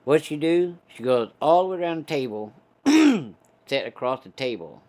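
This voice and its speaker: A man's voice: a little high, big pitch swings, moderate pace, a little mellow. A man telling a casual story in a folksy, profane, laid-back way.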